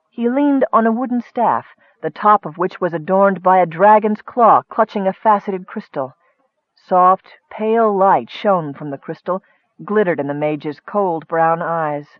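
High-voiced man narrating a story. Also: no room sound. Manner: measured, expressive reading. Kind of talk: audiobook narration. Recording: dry, muffled audio.

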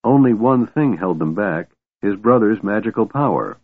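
A man's voice: on the low side, lively intonation, moderate pace, no room sound. A man narrating a fantasy audiobook with an intense, dramatic delivery. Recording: tinny phone-like dry sound.

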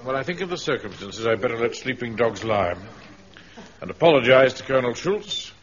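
An actor playing a pompous, officious middle-aged captain in a radio comedy. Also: male voice, medium pitch, lively intonation, brisk, crowd noise, natural voice. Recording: dull archive radio recording.

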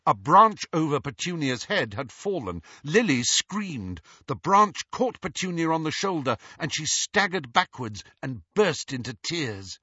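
A man narrating an audiobook in an expressive, animated reading. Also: mid-range voice, a little slow, breathy edge, no room sound. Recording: slightly dull, dry recording.

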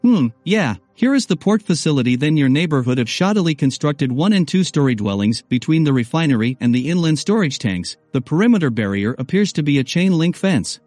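An unflappable government agent, as a male narrator reads him, matter-of-fact and steady. The delivery stays lively in pitch over a faint bed of music. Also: a little fast, few pauses, dry recording.

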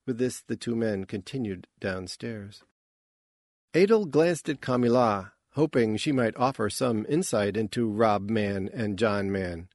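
A male audiobook narrator with a measured, even storytelling delivery. He reads slowly and steadily. The recording is close and dry, with no room sound. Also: lowish voice, no room sound. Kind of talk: scripted narration.

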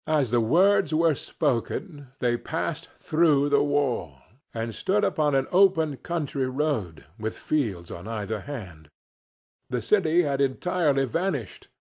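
A man reading a classic tale aloud with a slightly husky voice. He takes his time and lets his pitch roam widely to color the story. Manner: expressive, unhurried storytelling. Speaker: audiobook narrator. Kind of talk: scripted narration.

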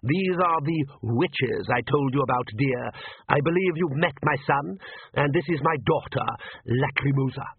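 A man's voice: medium pitch, unhurried, slight background noise, close to an everyday voice. A man voicing a courtly, enthusiastic vampire count, on a tinny phone-like recording. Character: genteel, eager male vampire count. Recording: tinny phone-like dry audio.

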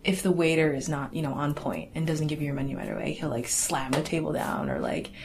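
A young woman telling a personal family story in a casual, halting way, full of "like" and "you know.". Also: deep voice, lively intonation, vocal fry, noisy background. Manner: casual, halting, lots of fillers and restarts; laughs wryly through awkward memories. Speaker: interviewee.

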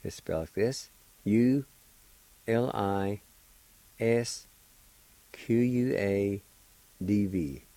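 A man hosting a radio language lesson, slowly spelling and pronouncing words syllable by syllable. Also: fairly low pitch, mellow, dry recording, rough recording. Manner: slow, deliberate, spells syllables one at a time. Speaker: language teacher and radio host. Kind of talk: slow spelling and pronunciation lesson.

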